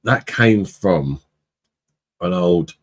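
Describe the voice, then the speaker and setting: A man's voice: sits low, lively intonation, drawn-out words. A British man hosting a live beer review stream, chatting casually with his viewers, laughing often and swearing freely. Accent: British English. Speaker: livestream host, beer reviewer.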